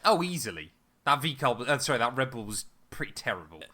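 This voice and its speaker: A man co-hosting a podcast, chatting casually with playful, animated asides. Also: mid-range voice, fast talker. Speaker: podcast co-host. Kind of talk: casual chat.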